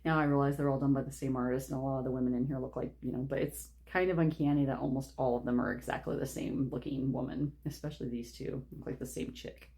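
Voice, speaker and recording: A woman's voice: rumbling low, steady tone, fast, few pauses, dark tone. A woman giving a casual pick-a-card tarot reading, rambling and chatty, laughing often. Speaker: tarot reader.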